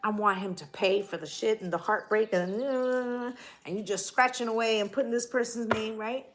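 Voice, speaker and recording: A woman with a somewhat high voice talks through a tarot reading. She is blunt and emphatic, swears freely, and checks in with her listeners by asking "right?" again and again. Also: moderate pace, noisy background. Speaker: tarot reader. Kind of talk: casual tarot reading talk.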